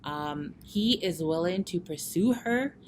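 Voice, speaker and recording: Low-voiced chatty woman vlogger. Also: expressive, takes it slowly, darkish tone, slight background noise. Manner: chatty, lots of fillers, retells scenes in quoted voices. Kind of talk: casual storytelling reflection.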